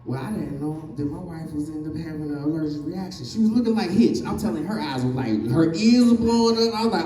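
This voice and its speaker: A man's voice: a little high, fast, hardly any pauses, warm tone, echoey room, recorded from a distance, rough recording. A man in his forties doing a stand-up comedy set, telling family stories and acting out his relatives' voices. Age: 40s. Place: comedy stage.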